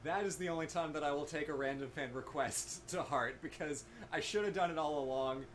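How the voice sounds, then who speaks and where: Man with dry humor, halting fillers. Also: a little high, slight background noise. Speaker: co-host of a game stream. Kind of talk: casual chat while gaming.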